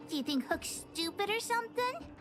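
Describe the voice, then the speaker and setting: A woman voicing a bratty, boastful little girl in a game, sassy and excitable. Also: extremely high pitch, normal speed, soft background music, exaggerated voice. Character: bratty little girl, boastful self-styled gang leader. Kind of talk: game voice acting.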